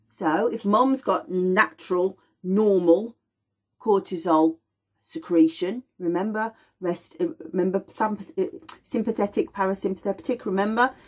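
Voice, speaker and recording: A middle-aged woman teaching about aromatherapy in an informal, explanatory way, acting out little voices and sounds as she goes. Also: medium pitch.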